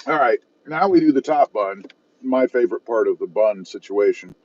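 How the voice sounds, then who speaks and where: A man's voice: fairly low pitch, lively intonation, moderate pace, a little mellow, highs cut off. A man from South Texas chatting casually on a live stream from his parked car while eating and reading viewer comments aloud, self-mocking and easygoing. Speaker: car channel host reading live chat. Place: parked car at a fast-food restaurant.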